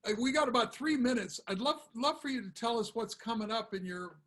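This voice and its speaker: A man's voice: very high-pitched, lively intonation, a little fast, fairly bright tone. A man hosting an online interview with brief, enthusiastic prompts. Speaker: host of choir camp session.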